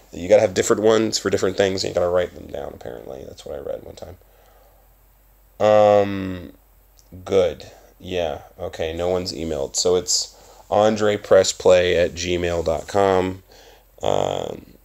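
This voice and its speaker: A young adult man with a Southern US accent, hosting his own podcast in a casual, profane, rambling monologue with bursts of loud emphasis. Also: low-pitched, creaky. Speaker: podcast host.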